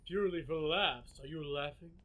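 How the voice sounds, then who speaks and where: Silky Smooth, a deep radio crooner voiced by a man. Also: moderate pace, fairly bright tone, lightly acted. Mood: mock-serious. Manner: exaggerated low manly drawl. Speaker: streamer. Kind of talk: live game stream.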